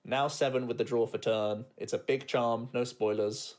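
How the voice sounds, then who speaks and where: A man with a mid-range voice co-commentates a competitive card game. He sounds relaxed and laughs lightly as he breaks down each play. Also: medium pitch, normal speed. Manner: relaxed, chuckles often while explaining.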